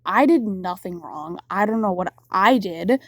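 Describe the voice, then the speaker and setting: A woman's voice: medium pitch, animated, unhurried, dry recording, clean studio sound. A woman voicing a cocky teenage boy with a bad-boy front who comforts clumsily and bluntly. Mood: gruff, sheepish.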